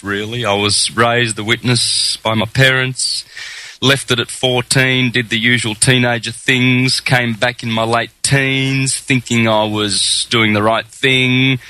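An Australian man in his forties, a guest in an interview, talking in a relaxed storytelling way. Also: mid-range voice, dry recording. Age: 40s. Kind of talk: casual interview talk.

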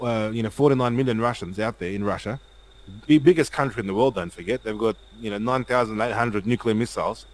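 A man's voice: mid-range voice, rough recording. A man hosting a casual interview and pushing his opinions emphatically. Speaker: host.

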